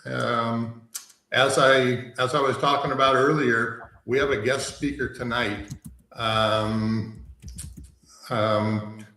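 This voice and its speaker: A man running a casual video-call meeting. He talks in a relaxed, chatty way, full of fillers, at a middling pitch. The sound is echoey. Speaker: meeting moderator.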